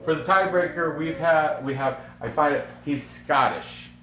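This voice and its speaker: A man's voice: on the high side, unhurried, a bit bright. A man hosting a casual sports betting picks video, chatty and self-correcting, often breaking into laughs. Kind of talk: casual rambling commentary. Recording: roomy, from a distance, faint background noise.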